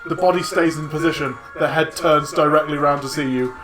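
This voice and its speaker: A man's voice: on the high side, steady tone, brisk, over loud music. A man running a tabletop game as dungeon master, narrating in a chatty way with lots of fillers and laughs.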